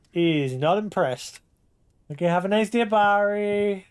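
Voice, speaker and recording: A woman's voice: mid-range voice, darkish tone, smooth. A woman streaming a video game, giving playful, teasing commentary and talking back to the screen. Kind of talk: casual gameplay commentary.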